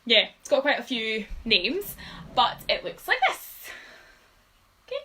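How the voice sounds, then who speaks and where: A woman's voice: a little high, very animated, a little slow, bright, forceful tone, rough recording. Patient woman teaching drum rudiments. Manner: patient, counts beats aloud, frequent ums. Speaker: drum tutor. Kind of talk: live-streamed drumming lesson.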